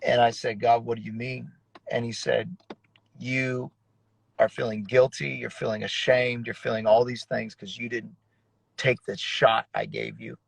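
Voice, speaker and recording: A man's voice: medium pitch, little pitch movement, measured pace, vocal fry, husky, no echo, low-quality recording. A man in his thirties, a pastor, telling his story in an earnest, emotional way with frequent restarts. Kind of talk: conversational testimony in an interview.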